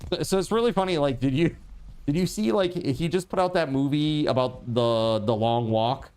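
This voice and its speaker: A man's voice: fairly high pitch, normal speed, darkish tone, clean tone. A man streaming a game, chatting casually and rambling to his viewers with lots of fillers. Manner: talks to chat viewers. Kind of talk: casual livestream chat while gaming.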